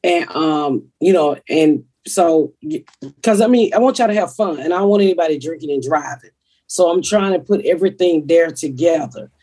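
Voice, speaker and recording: Husky, blunt woman host. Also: low-pitched, moderate pace, mellow. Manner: blunt, profane, rambling. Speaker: comedian podcast host. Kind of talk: casual podcast chat.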